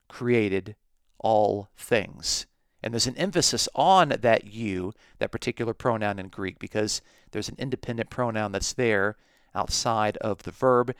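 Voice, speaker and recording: Male Bible teacher, slow and deliberate, stresses key words, smooth voice. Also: on the low side, dry recording, studio quality. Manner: measured, emphatic on key words. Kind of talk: recorded Bible lesson.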